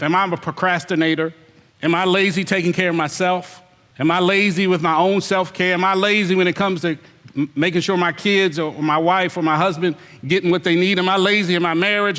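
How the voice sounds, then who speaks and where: A man preaches a fiery sermon. His voice sits high, and it echoes through a large hall. He calls out the congregation directly and mocks their excuses. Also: a bit bright. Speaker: pastor.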